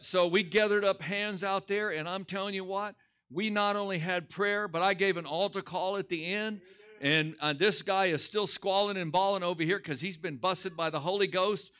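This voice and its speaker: A man's voice: sits high, sharp tone, smooth. A man, a pastor, preaching a Sunday school lesson with emphatic, storytelling delivery. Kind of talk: sermon.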